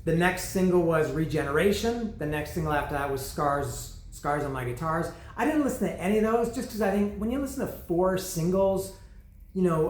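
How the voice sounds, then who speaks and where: A man's voice: on the high side, reverberant. A man giving a casual, rambling album review, often restarting his sentences and poking fun at his own explanations.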